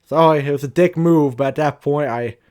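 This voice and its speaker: Young adult man, animated storytime vlogger, cursing and rambling, slightly high voice. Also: a little fast. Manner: profane, animated, rambling with restarts. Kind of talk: storytime rant.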